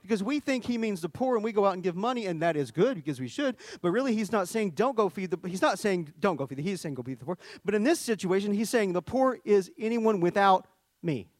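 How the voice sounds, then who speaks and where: A man's voice: high voice, sing-song, quick pace, no room sound. A man preaching a sermon in a conversational teaching manner, often starting with "see" and restarting phrases as he explains word meanings.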